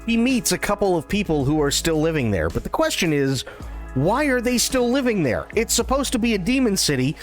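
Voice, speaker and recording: On a live stream, an irreverent man recaps a film with plenty of swearing and sarcasm. His fairly high voice is brisk and sing-song, ranging widely in pitch, while faint music plays beneath him.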